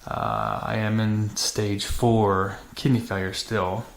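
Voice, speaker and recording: A man's voice: lowish voice, very animated, slow, creaky. A man hosting a dirt bike vlog, talking casually to camera with many fillers and restarts in a matter-of-fact way. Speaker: channel host. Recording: echoey room with faint noise.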